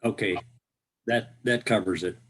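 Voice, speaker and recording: Slow halting man asking a question. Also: on the low side, fairly bright tone. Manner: halting, restarts phrases. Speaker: trainee broker.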